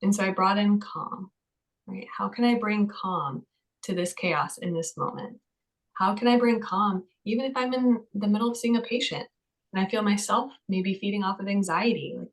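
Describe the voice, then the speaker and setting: A woman mental health counselor talking casually on a podcast, telling stories in a chatty, lively way with many fillers. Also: medium pitch, normal speed, low-quality recording.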